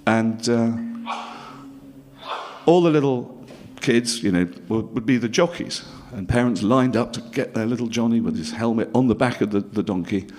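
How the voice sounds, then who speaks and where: A man's voice: mid-range voice, moderate pace, a little mellow, slight background noise. A middle-aged man from northern England telling a stand-up story with dry, self-mocking asides to the audience. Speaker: comedian.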